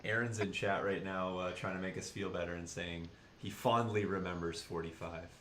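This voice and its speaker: A man's voice: low voice, fairly even intonation, moderate pace, background noise. Roomy-sounding Canadian man, joking co-host. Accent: East Coast Canadian. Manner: joking, reads chat aloud, laughs often. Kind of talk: casual livestream chat. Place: studio.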